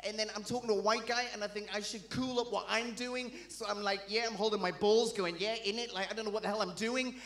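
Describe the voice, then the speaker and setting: A man's voice: high voice, steady tone, fast, few pauses, a bit bright, reverberant. A man with a Geordie accent doing a stand-up comedy set, chatty and self-deprecating, bantering with the crowd. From Newcastle, England. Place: live comedy venue.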